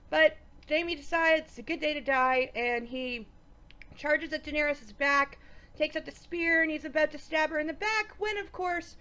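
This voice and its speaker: Casting note: high-pitched woman reviewer, animated and profane, sarcastic recap delivery. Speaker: TV episode reviewer. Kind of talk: casual recap with commentary.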